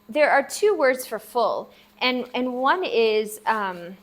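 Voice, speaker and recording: A woman gives a relaxed vocabulary lesson at an unhurried pace. She sounds out each syllable again and again, stressing it for the learner. Her pitch sits in a middling range. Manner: slow, patient, sounds out syllables repeatedly. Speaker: language teacher. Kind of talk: casual spoken lesson. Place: at a table, writing for the viewer.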